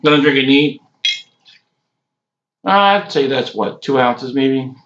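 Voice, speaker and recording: A man in his late forties giving a casual, rambling cigar review, halting often with ums. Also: mid-range voice, lively intonation, fairly bright tone. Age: 40s. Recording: echoey room, dull lo-fi sound.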